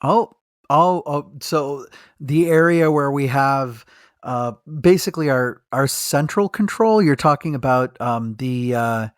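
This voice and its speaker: Male physician co-host, mid-pitch, eager and halting, dry close-miked sound. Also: expressive, no room sound. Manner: enthusiastic, halting with many restarts and laughs. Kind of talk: casual podcast chat.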